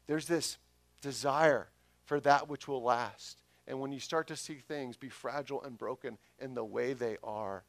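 A pastor giving a conversational sermon that swells loud for emphasis. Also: male voice, medium pitch, no echo.

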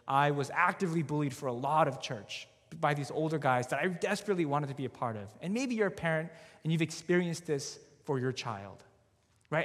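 Young male youth pastor, twenties, chatty sermon storyteller acting out dialogue, long hall reverb. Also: on the high side. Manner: conversational, animated, acts out quoted dialogue.

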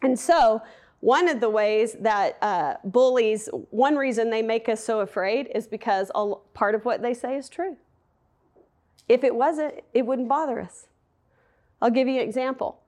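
Middle-aged woman preacher, slightly high voice, chatty storytelling sermon delivery. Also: moderate pace, a little mellow. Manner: storytelling, southern "y'all", conversational with fillers.

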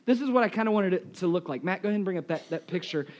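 A man with a high voice preaches to his congregation. He is losing his voice and sounds hoarse. He tells lively, self-mocking stories into a live microphone in a church. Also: racing. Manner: animated, self-deprecating storyteller. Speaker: pastor. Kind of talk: live sermon with storytelling.

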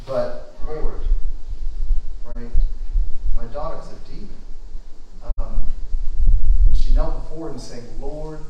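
A man's voice: a little high, very echoey, distant mic, noisy background. A male pastor giving a conversational sermon, acting out the voices of the people he quotes. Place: church.

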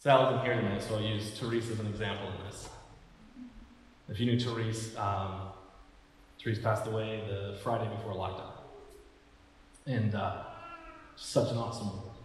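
A man's voice: on the low side, flat delivery. Earnest male pastor in an echoey hall. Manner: earnest preaching, slows and stresses key phrases. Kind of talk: sermon. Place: church sanctuary. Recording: echoey hall, mic at a distance.

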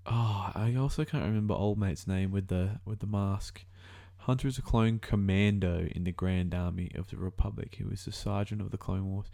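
Low-voiced Australian man musing aloud. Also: fairly even intonation, normal speed, creaky, few pauses, dark tone. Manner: musing aloud, rambling, self-correcting. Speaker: video reactor. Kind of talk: casual reaction commentary.

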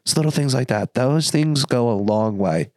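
Young man, podcast host, casual earnest storytelling, mid-pitched voice, dry close sound. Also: animated, moderate pace, darkish tone, no room sound. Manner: earnest storytelling, acts out quoted dialogue. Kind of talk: casual solo podcast monologue.

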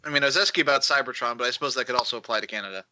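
A man's voice: mid-range voice, racing, bright, forceful tone. A man co-hosting a podcast, tossing in dry sarcastic asides and casual swearing. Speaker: podcast co-host. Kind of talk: casual chat.

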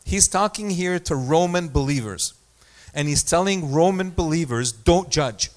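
A man's voice: a little high, lively intonation, normal speed. A man preaching a sermon as pastor, talking in a conversational way with self-deprecating asides and small stories.

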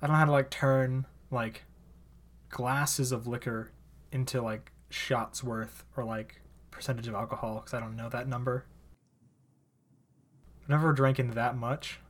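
A young man co-hosting a relaxed podcast conversation. He rambles along, leaning on filler words and often breaking into laughter. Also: mid-range voice, unhurried, pauses often. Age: young adult. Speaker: podcast co-host. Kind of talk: casual chat.

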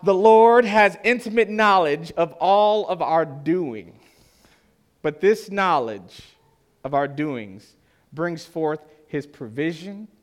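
A man preaching a sermon to his church, earnest and slowing down to stress key lines. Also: on the high side, expressive.

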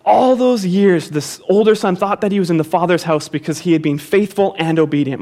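A man's voice: high-pitched, brisk, few pauses, mellow. A pastor preaching a sermon to his congregation, repeating key phrases for emphasis and calling the listeners to say them back with him.

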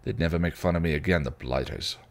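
Guy putting on a hot-tempered vampire dude, snarly and ranting, low voice. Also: fast talker, gravelly. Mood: snarling. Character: volatile bitter male vampire, hot-tempered.

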